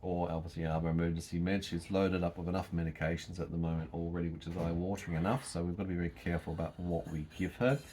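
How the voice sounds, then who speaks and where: A man with an Australian accent, calmly explaining and reassuring while caring for someone at home. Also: low voice, quick pace, hardly any pauses, a little hiss or hum. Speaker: carer and vlogger. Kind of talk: casual home vlog commentary. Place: home indoors.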